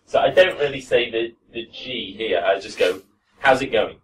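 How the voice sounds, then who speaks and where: A man teaching a pronunciation class to students in a classroom, relaxed and encouraging. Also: lowish voice, normal speed, crowd noise. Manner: relaxed, encouraging, demonstrates sounds. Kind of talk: classroom lesson. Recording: distant mic in a classroom.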